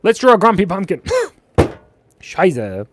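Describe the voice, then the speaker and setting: A man's voice: sits high, huge pitch swings, slow, background noise. A man hosting a live drawing stream, reading chat messages aloud and trading silly jokes with viewers. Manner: jokey, playful, reads chat aloud. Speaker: livestream artist.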